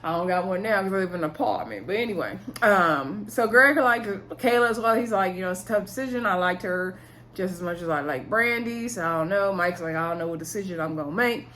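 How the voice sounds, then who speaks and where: A woman's voice: lowish voice, brisk, fairly bright tone, slight background noise. Chatty woman recapping a show. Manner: chatty, talks to viewers as "y'all", laughs often. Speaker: reality TV recap vlogger.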